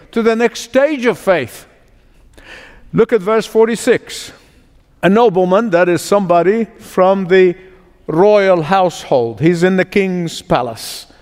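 A male pastor preaching a sermon with emphatic repetition, shifting from slow, drawn-out phrases to quick runs. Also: sits high. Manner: emphatic, repeats phrases for stress; shifts between slow, drawn-out and rushed delivery. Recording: long reverb from a large hall.

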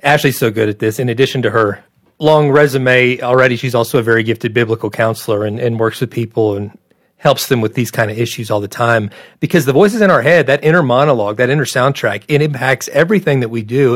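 A man's voice: mid-range voice, fairly quick, no room sound, clean studio sound. A man guest explaining his point at length in an earnest, explanatory way. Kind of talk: conversational interview.

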